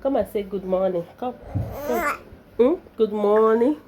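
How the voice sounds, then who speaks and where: A woman's voice: medium pitch, moderate pace, mellow, a little hiss or hum. A young Nigerian woman vlogging at home, playful and laughing often as she coaxes her baby son. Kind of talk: casual home vlog talking to camera and her baby. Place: home, indoors.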